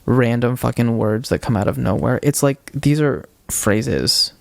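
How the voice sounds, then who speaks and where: A young man on a podcast, retelling a ghost-hunting video with animated quoted voices in casual storytelling. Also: mid-range voice, measured pace, vocal fry, dry recording. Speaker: podcast co-host.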